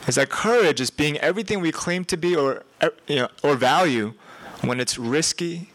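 A young man giving a sermon in a conversational, animated way, with emphatic repetition. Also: a little high, moderate pace, no room sound, rough recording. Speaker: preacher.

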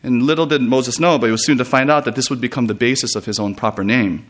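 A man preaching a retreat sermon, reading scripture and explaining it in an animated way, often laughing and restarting his sentences. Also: medium pitch, fast talker.

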